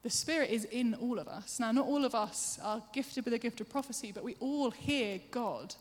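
A woman preacher giving a sermon, chatty and self-deprecating, with quick asides to the congregation. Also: a little high. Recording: long hall reverb.

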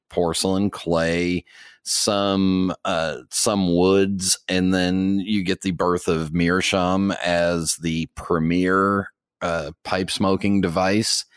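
A man's voice: sits low, clean tone, dry recording, studio quality. A man talking as a pipe tobacco expert on a podcast, rambling with restarts and fillers. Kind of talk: casual podcast chat.

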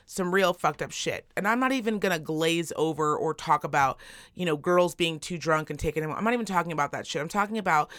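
With a low-sitting voice and fast delivery, this young podcast co-host tells animated, blunt stories laced with profanity. The recording is studio quality, free of any room sound.

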